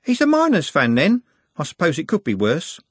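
A man voicing a dreamy, slow-witted young working-class woman who speaks in slangy, ungrammatical phrases. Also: fairly high pitch, wildly swooping pitch, breathy edge, no echo, voice pushed up, exaggerated voice. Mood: naive.

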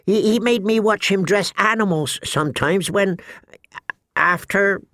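Man putting on a high, jittery young man, stammering, gravelly edge, dry sound. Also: a little slow, fairly bright tone, no echo. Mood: nervous. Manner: stammering, breaking off mid-phrase.

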